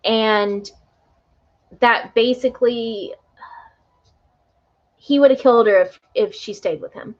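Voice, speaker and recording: A woman with a slightly high voice talks to her live-stream viewers as a tarot reader. She speaks earnestly and with feeling, often checking in with a quick "right?". The stream audio is dull and lo-fi. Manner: earnest and emotional, tag questions like "right?".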